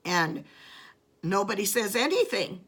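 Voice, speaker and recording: A woman's voice: medium pitch, big pitch swings, measured pace, a bit bright, breathy edge. A woman hosting a devotional video, retelling a scripture passage and preaching about it earnestly, with frequent restarts.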